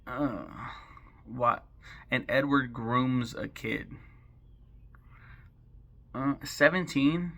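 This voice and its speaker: Gravelly, bright-voiced man riffing sarcastically. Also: medium pitch, very slow, pauses often. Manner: rambling, sarcastic, swears freely. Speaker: film commentary host. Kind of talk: casual film recap and commentary.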